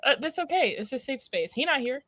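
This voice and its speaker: A woman co-hosting a charity stream, teasing and giggling through casual chat. Her voice is very high and bright, with a tense edge. The sound is dry and close. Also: expressive, brisk, no room sound. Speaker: stream host.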